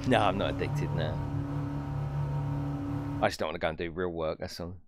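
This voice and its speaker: A man's voice: low-pitched, moderate pace. A man chatting casually with viewers while racing on a live stream, bantering and swearing now and then. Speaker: game streamer. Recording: loud game music over voice.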